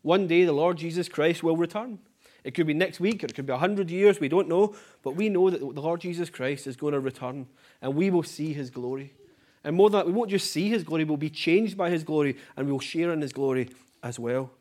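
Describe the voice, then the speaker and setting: This earnest sermon comes from a brisk male preacher whose voice is fairly high. Repetition carries his emphasis, and his phrase endings drop off quietly.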